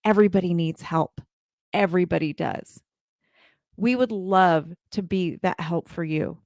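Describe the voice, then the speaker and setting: A woman's voice: lowish voice, unhurried, darkish tone, no echo, studio quality. A woman in her forties gives a heartfelt motivational talk to live viewers as a community leader, speaking earnestly and repeating her phrases.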